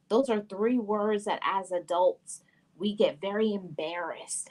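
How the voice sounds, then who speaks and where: A woman's voice: medium pitch, slow pace, a little mellow, rough recording. A middle-aged woman hosting a heartfelt self-help talk, speaking earnestly and emphatically and repeating phrases for stress. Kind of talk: heartfelt personal talk to camera.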